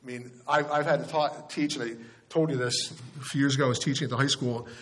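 A man's voice: mid-range voice, fairly even intonation, fast, a bit bright. A male pastor giving a sermon in a conversational storytelling way, often restarting his sentences.

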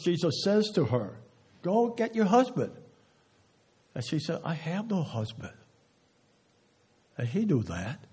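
A man preaching a sermon, slow and emphatic, often dropping to a hush on key words and asking the listeners questions. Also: fairly high pitch, husky. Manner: asks the audience rhetorical questions.

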